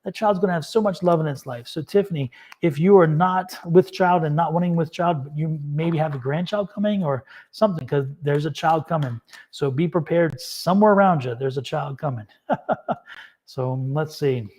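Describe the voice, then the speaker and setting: Excitable man giving live tarot readings. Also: fairly high pitch, normal speed. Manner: upbeat and excitable, laughs often; encouraging, affirming. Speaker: tarot reader hosting a live stream.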